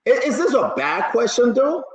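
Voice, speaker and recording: A man's voice: extremely high pitch, big pitch swings, normal speed, rough recording. A man from Liberia with a Liberian accent, hosting a casual political talk show, teasing and pushing his guest with many restarts.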